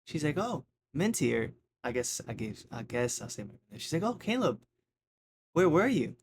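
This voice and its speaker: A man doing a high, lilting voice for a strict older woman teacher who has been at the school for years. She draws her questions out knowingly, with a rough, gravelly edge underneath. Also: very animated, moderate pace, slight background noise. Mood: surprised.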